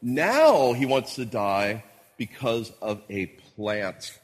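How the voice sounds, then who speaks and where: A man's voice: mid-range voice, sing-song, slow pace, slightly rough. A man preaching an expository sermon, quoting scripture as he explains the text. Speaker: pastor. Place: church hall. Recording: church hall recording with long reverb.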